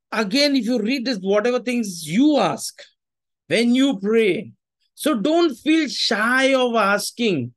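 A man preaching a sermon, emphatic and repeating his phrases, with Hindi asides. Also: high-pitched.

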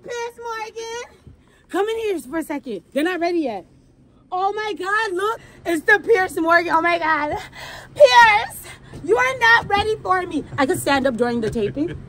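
A woman from the United States, a comedian rambling nervously backstage in a loud, shrieky, manic way, screaming at times. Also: extremely high pitch, expressive, normal speed. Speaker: comedian and performer. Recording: noisy background.

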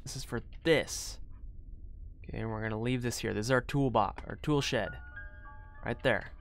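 A man's voice: medium pitch, normal speed, faint music behind. A young man streaming a horror game, talking himself through it and breaking into frightened yelps. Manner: muttering to himself, swinging to loud frightened yelps. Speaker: gaming streamer. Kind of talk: live gameplay commentary.

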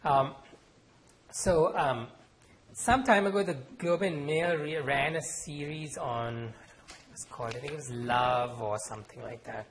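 A man from Sri Lanka, an author reading his fiction aloud in measured narration, then chatting with fillers between pieces. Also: fairly high pitch, fairly bright tone, slight background noise. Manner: measured narration, halting fillers when talking freely. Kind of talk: public reading and talk. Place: lecture room.

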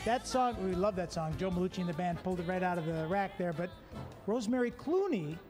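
High-voiced jokey game show host, a man. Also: brisk, long reverb tail, faint music behind. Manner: jokey, energetic, plugs the sponsor repeatedly. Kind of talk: lively game show hosting.

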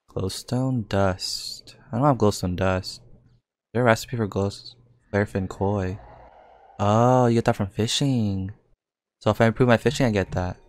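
Swearing, fast-reacting young male gamer. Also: lowish voice, dry recording. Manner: reactive, swears and exclaims often, thinks aloud. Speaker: gaming YouTuber. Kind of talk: live game commentary.

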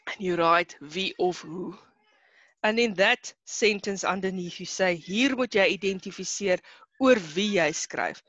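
A young woman with a South African accent teaching an online class, chatty and quick to laugh, mixing in Afrikaans words. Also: mid-range voice, a bit bright, no room sound, dull audio.

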